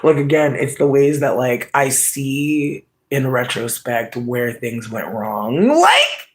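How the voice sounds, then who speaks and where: A man in a rambling, casual monologue, swearing freely and laughing, dropping to a murmur and then bursting into shouts. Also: mid-range voice, slow pace, a little hiss or hum, poor audio. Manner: profane, laughing, sudden shouts; animated, swings between murmur and yelling.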